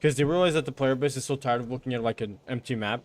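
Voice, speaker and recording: A man streaming a game, giving casual commentary with sarcastic remarks, frequent swearing and excitable outbursts. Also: medium pitch, fast.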